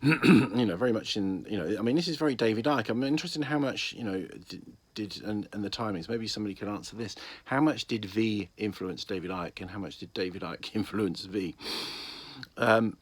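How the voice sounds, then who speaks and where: Low-voiced hesitant man reviewing. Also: dry recording. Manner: hesitant, musing, many ums and restarts. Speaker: TV series reviewer. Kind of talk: casual spoken review.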